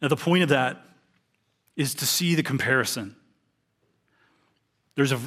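A man's voice: mid-range voice, a bit bright. A man preaching a sermon, reading a parable aloud and explaining it earnestly. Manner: earnest, reads scripture aloud then explains it.

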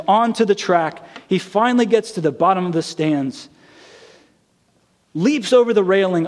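Male preacher, earnest sermon storyteller, a touch high-pitched. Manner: earnest storytelling, acting out quoted lines.

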